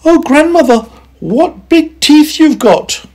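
A man voicing an innocent little girl in a bedtime storybook, in a squeaky, wondering falsetto. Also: lively intonation, takes it slowly, a little mellow, heavily acted.

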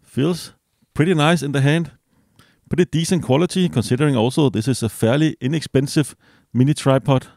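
Gravelly-voiced man doing a relaxed unboxing. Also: fairly high pitch, brisk, no echo, studio quality. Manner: relaxed, hesitant, many fillers and self-corrections. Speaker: product reviewer. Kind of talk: casual unboxing review.

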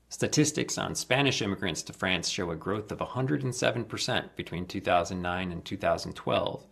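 A man reading an encyclopedia article aloud in a steady list-reading cadence, stressing each item in a list. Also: deep voice, gravelly, breathy edge. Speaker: volunteer reader.

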